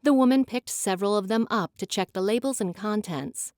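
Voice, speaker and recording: A woman giving an expressive, dramatic scripted narration of a fantasy audiobook. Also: mid-range voice, fairly quick, no echo, clean studio sound.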